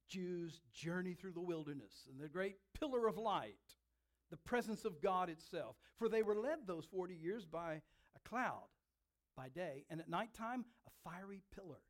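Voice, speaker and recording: A man with a high voice delivers a sermon with dramatic emphasis, slowing down to lean on key words. He preaches in a storytelling way to a congregation. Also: animated.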